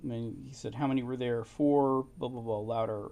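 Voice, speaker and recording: A man casually talking through historical documents, musing and halting, with fillers and short laughs. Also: medium pitch, steady tone, vocal fry, warm tone. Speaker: amateur history researcher. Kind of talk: casual commentary reading documents.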